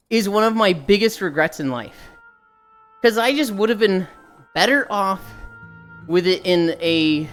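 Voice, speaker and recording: A young woman streamer rants to her chat in a low-pitched voice, swearing freely. Her pitch swings up and down lively as she gets worked up. Faint music plays under her voice. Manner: animated, profane, ranting. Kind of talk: casual live-stream rant.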